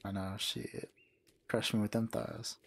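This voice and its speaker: Gravelly young man gaming, joking around. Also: fairly low pitch, measured pace. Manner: joking, swearing, excitable. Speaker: gamer. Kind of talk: casual let's play banter.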